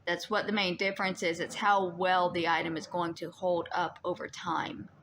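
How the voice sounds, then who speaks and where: A woman's voice: on the low side, little pitch movement, normal speed, fairly bright tone, a little hiss or hum. A woman streamer giving casual, chatty, rambling commentary while reacting to an old TV episode.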